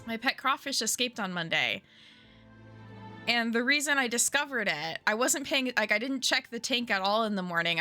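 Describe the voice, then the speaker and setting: A woman's voice: medium pitch, bright, forceful tone. A young woman streaming from home, chatting casually with viewers in a giggly, rambling way. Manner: chatty and giggly, lots of likes and you knows. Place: at home, indoors.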